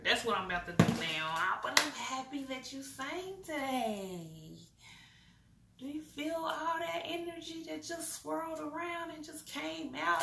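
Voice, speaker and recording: A woman's voice: high voice, creaky. A woman doing a casual spiritual card-reading chat, loose and profane, talking to herself. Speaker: intuitive card reader. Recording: roomy echo, distant from mic, faint noise.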